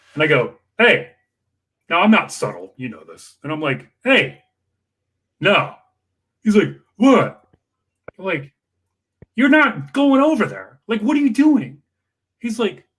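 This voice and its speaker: A man telling campaign stories in casual chat, animated and full of acted-out quotes. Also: husky. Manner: animated, acts out quoted dialogue with big pitch jumps. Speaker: political campaign staffer and guest storyteller. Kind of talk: casual conversational storytelling.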